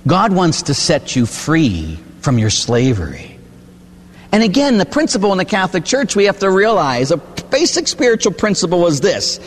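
A male Catholic priest delivering a sermon with an animated, storytelling delivery. His voice rises and falls a lot and sits a little high for a man, and he acts out the people in his stories. The sound rings with the long reverb of a large hall. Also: normal speed.

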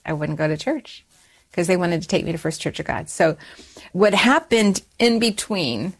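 A middle-aged woman telling a personal story in an interview, animated and often restarting her words, jumping higher when she quotes herself. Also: moderate pace, breathy edge. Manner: animated, rises high when quoting herself; frequent restarts and repeated words.

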